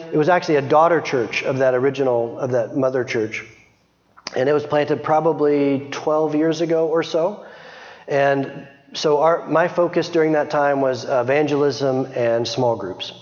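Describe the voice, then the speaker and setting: A middle-aged man speaks to a congregation in a relaxed, chatty way, often restarting his sentences. His voice sits a little high for a man. The recording is muffled and carries the long echo of a large hall. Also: moderate pace. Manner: chatty, many restarts and small laughs. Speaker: missionary reporting to a church. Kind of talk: informal church talk. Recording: dull sound, long hall reverb.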